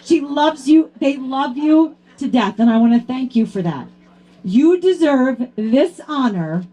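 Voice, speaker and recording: A woman's voice: high-pitched, a little slow. A woman presenting a hall of fame award to her teammate in a heartfelt tribute speech, fighting back tears. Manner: grows loud and excited toward the end.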